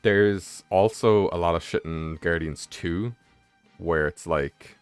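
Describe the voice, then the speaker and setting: Young man, deep voice, rambling game-stream chatter, lots of fillers and swearing, faint music behind. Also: slow, smooth, no room sound. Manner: rambling, heavy on fillers, profane. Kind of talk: casual rambling commentary while gaming.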